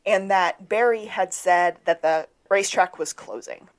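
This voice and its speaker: A woman's voice: fairly low pitch, unhurried. A woman co-hosting a podcast, casually recapping a TV episode and acting out quoted lines. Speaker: podcast co-host.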